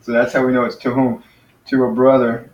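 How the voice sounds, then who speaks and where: A man teaching a casual lesson to a class, patiently explaining and slowly sounding out words. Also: mid-range voice, monotone, darkish tone, lo-fi sound. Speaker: Greek teacher. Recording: echoey room, mic far off.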